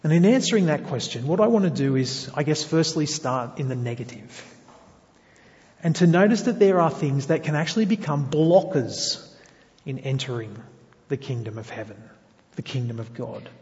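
A man's voice: a little high, animated, normal speed, darkish tone. A man preaching a sermon in an earnest way, often putting rhetorical questions to his listeners. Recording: dull lo-fi sound with long hall reverb.

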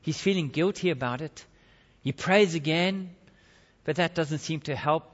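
A man's voice: fairly high pitch, unhurried. Dramatic male preacher in a reverberant hall. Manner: dramatic, swinging between loud and hushed. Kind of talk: sermon storytelling. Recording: dull lo-fi sound with long hall reverb.

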